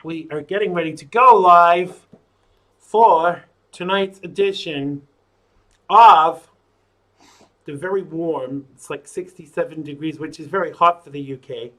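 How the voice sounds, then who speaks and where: Getting ready for his own live stream, this host chats casually to himself before the show. He has a fairly high, slightly bright voice and keeps a measured pace.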